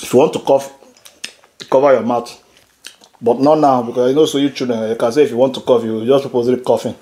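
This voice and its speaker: A man's voice: medium pitch, fairly even intonation, fast talker, mellow. A man hosting a casual family eating video at home, teasing his daughter and laughing often while he eats. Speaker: father and channel host. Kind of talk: casual family mukbang chat.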